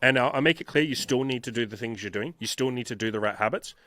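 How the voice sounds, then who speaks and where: A man who works as a dating coach talks through his ideas in a relaxed interview, circling back to the same phrases and swearing freely. His voice is bright and forceful, recorded close with a dry, roomless sound. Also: medium pitch, fast talker, no echo. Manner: emphatic and repetitive, frequent swearing. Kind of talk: casual interview talk.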